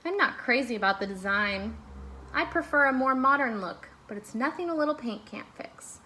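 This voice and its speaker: A woman voicing a fussy, excitable little male doughnut in a children's storybook read-aloud, prim and dramatic. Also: normal speed. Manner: high-pitched, prim and dramatic.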